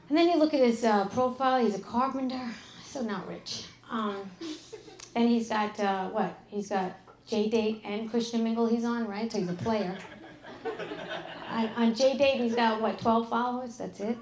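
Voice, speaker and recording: A middle-aged woman doing a live stand-up set, brash and profane, with deadpan asides. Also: a little high, moderate pace, echoey room. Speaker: stand-up comedian. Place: club stage with an audience. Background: audience laughter.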